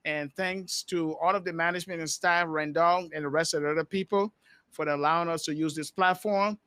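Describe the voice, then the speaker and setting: A male podcast host from Liberia, closing the show with announcements and thanks, halting with many fillers. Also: fairly high pitch, sharp tone, no room sound.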